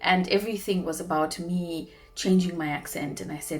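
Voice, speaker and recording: A young South African woman with a South African accent, chatting casually through a makeup tutorial, animated with soft murmured asides. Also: fairly low pitch, normal speed, soft background music. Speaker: beauty vlogger.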